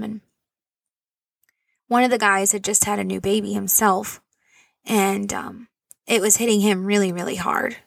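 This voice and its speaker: Woman, 30s, mother recounting a story; earnest and rambling, gravelly undertone, dry close sound. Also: medium pitch, no room sound. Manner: earnest, rambling with fillers and asides. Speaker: mother telling a personal story. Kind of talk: casual storytelling to camera.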